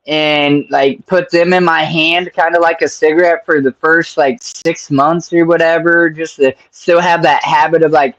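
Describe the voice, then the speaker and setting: A man's voice: on the high side, steady tone, normal speed, hardly any pauses, a bit bright, highs cut off. A man hosting a casual interview, rambling and swearing, calling his guest "bro". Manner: rambling, profane, keeps saying "bro". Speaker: podcast host.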